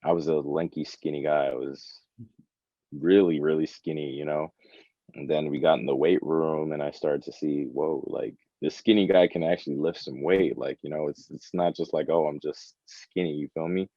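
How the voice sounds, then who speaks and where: Very deep-voiced young man, dry lo-fi sound. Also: moderate pace, no echo. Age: early 20s. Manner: relaxed, earnest, peppered with "you know" and "like". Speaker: college track athlete guest. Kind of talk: casual interview chat.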